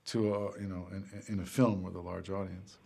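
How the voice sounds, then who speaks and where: Brief: low-voiced male actor, measured, reflective interview. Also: flat delivery, creaky, a little mellow. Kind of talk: interview for a featurette.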